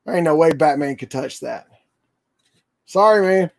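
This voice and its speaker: A man hosting a casual livestream, talking in a rambling, excitable way with lots of fillers. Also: fairly high pitch, moderate pace, creaky. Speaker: toy channel livestream host.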